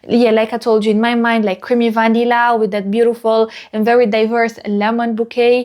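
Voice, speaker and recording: A woman's voice: a little high, darkish tone. A woman talking through a perfume review in a loose, chatty way. She piles up descriptive phrases and leans on little fillers as she goes. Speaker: fragrance reviewer. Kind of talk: casual review vlog.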